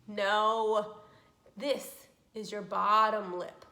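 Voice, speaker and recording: A woman giving a children's speech lesson as a speech therapist, talking slowly with exaggerated, encouraging teacher delivery. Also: a little high, pushed and bright, reverberant.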